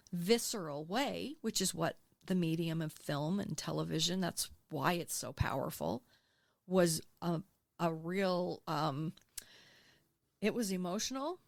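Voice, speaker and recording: A woman in her sixties, a podcast guest, telling her own story in a candid, emotional, animated way and acting out what she said back then. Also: medium pitch, no room sound. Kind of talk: candid interview conversation. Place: podcast studio.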